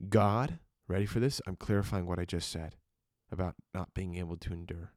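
A man preaching a quiet devotional sermon, speaking slowly and deliberately and often sinking into a whisper. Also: deep voice, dry recording, studio quality.

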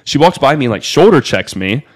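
Brief: young male podcast guest, loose storyteller, lots of "like", swears freely, mid-pitched. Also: moderate pace. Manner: loose and animated, heavy on "like" fillers and swearing. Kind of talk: casual storytelling.

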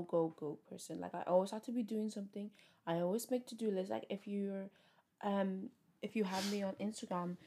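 A woman's voice: mid-range voice, warm tone. A young woman hosting her own podcast, chatting casually and upbeat with lots of fillers despite sounding tired. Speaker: podcast host. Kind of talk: casual solo podcast chat.

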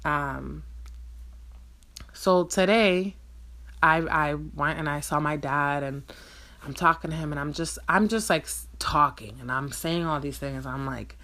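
Bright-voiced young adult podcast host, rambling. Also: mid-range voice, measured pace. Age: 20s. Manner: rambling, swearing, many fillers and restarts. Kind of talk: casual storytelling monologue. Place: indoors, alone. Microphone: phone mic.

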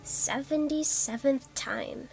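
A woman's voice: high-pitched, slow, darkish tone, soft background music, full character voice. A woman doing a stubborn, grumbling old village man. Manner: stout, gruff delivery.

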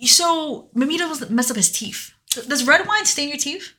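A woman co-hosting a casual podcast, retelling a story in an animated way with lots of fillers. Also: sits high, normal speed. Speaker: podcast co-host. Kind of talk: casual chat.

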